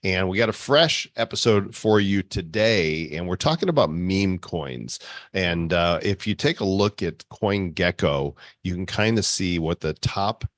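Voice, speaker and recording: A middle-aged man co-hosting a podcast, chatting casually and telling a relaxed travel story with fillers. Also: low-pitched, a little slow, no room sound. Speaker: podcast co-host.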